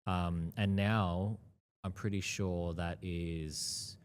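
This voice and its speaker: A man's voice: low-pitched, steady tone, very slow, a little hiss or hum. A man being interviewed as an investor, talking casually, filling his speech with "yeah, yeah" and "you know" and laughing often. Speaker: investor guest.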